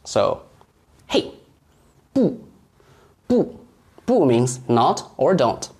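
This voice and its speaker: Casting: unhurried male tutor who explains patiently and demonstrates tones. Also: medium pitch, sing-song, a little mellow, slightly rough. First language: Mandarin Chinese. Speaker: Mandarin teacher. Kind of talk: online language lesson.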